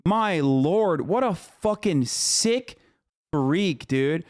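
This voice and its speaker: Male streamer, exasperated profane rant, pitched a bit high, dry close mic. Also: lively intonation, very slow, a little mellow, dry recording. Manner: heated, exasperated ranting, heavy swearing. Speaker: livestream host reacting to videos. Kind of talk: profane livestream commentary.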